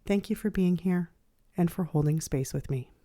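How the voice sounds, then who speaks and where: A woman therapist hosting a podcast, reading her reflective script in a gentle, measured, soothing way. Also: lowish voice. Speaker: child therapist and podcast host.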